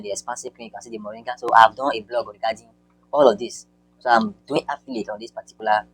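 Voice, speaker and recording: Guy doing a screen-share tutorial, kinda low voice, stops and restarts a lot, dry sound. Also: husky, dry recording, rough recording. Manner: halting, repeats words, many fillers. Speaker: online marketing tutor.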